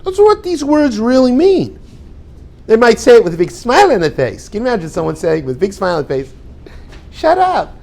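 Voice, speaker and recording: A man, a rabbi, teaching a class in an animated way, acting out everyday dialogues and putting rhetorical questions to his students. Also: high voice, fast talker, vocal fry. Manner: animated, acts out little dialogues in quoted voices. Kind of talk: lively classroom talk.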